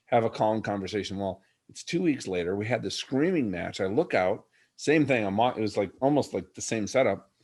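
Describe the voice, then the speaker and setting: A man's voice: lowish voice, animated, moderate pace, few pauses, darkish tone, breathy edge. A middle-aged man, a podcast guest, telling a personal story in an earnest, reflective way. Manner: earnest, reflective, addresses the host by name.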